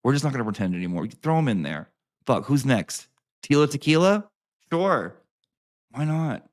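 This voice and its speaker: Man, sarcastic profane ranting vlogger, pitch swings wide, mid-range voice. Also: sing-song, normal speed. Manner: swears freely and repeats lines for emphasis. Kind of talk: profane sarcastic rant to camera.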